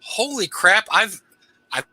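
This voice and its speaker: Bright, high-voiced man in dry sound. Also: very animated, slow, no room sound, poor audio. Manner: chatty, self-deprecating, laughs at own stories. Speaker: co-host. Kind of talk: casual livestream chat.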